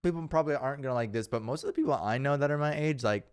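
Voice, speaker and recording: A young man co-hosting a casual podcast chat, joking and animated. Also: medium pitch, rapid-fire, smooth. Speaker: podcast co-host.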